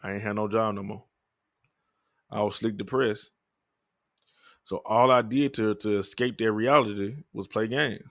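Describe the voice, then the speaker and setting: A man's voice: on the low side, dry recording. Young guy spilling his story, cussing, rambling, dead dry recording. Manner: candid, profane, rambling with restarts. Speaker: podcaster telling his life story. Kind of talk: personal storytelling monologue.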